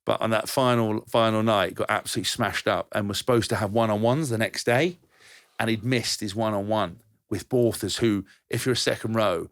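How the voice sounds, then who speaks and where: Fast-talking man with a dry, close sound. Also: lowish voice, fairly even intonation, no room sound. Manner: rambling anecdotes, swears freely, frequent restarts. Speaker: podcast co-host, former rugby player. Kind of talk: casual storytelling chat.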